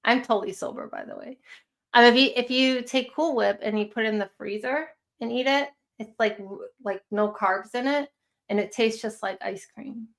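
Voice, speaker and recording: A woman's voice: fairly high pitch, moderate pace, gravelly. A woman with a Chicago accent hosting a casual livestream chat, rambling and chatty with lots of fillers. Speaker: livestream host.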